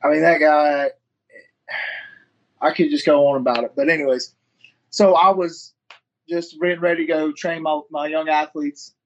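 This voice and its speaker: A man's voice: on the high side, fairly even intonation, normal speed, pauses often. Man rambling on a dull line. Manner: rambling storyteller, swears freely, acts out quotes. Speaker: fighter and firefighter. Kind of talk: casual interview chat.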